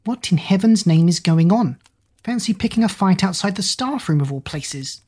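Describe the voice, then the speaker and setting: A woman's voice: mid-range voice, animated, normal speed, darkish tone, slightly rough, voice pushed up. A woman voicing a stern, bossy middle-aged headmistress, prim and commanding.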